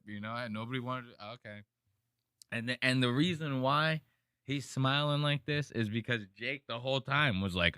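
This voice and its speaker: A man hosting a podcast, chatting casually and crudely as he reacts to fight clips and mocks the fighters with quick impressions. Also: mid-range voice, clear, resonant tone, no room sound, clean studio sound. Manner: crude, animated, mocking impressions. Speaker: podcast host.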